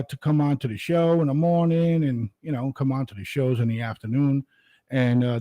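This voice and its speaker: A man's voice: mid-range voice, a little mellow, no room sound, rough recording. A man hosting a morning show, rambling in a casual, profane monologue full of fillers.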